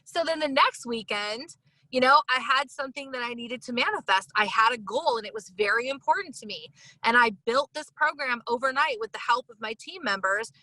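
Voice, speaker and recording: A woman hosting a casual interview chat, talking in an emotional, enthusiastic and expressive way. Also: fairly high pitch, fairly quick, no room sound, rough recording. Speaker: podcast host.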